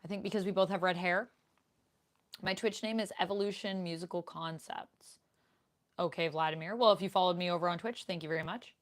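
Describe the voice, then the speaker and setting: A young woman with a slightly low voice hosts a relaxed live Q&A from a room at home. She talks into a desk microphone in a chatty way and reads her viewers' comments aloud. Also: brisk. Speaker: streamer. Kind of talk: casual live Q&A chat.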